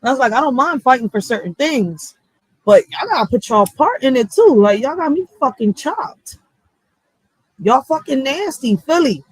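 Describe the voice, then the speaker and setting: A woman's voice: sits high, breathy edge, no room sound, low-quality recording. A woman with a Philadelphia accent, a block captain ranting bluntly and profanely in a casual vlog. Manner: blunt, profane, fired-up street talk.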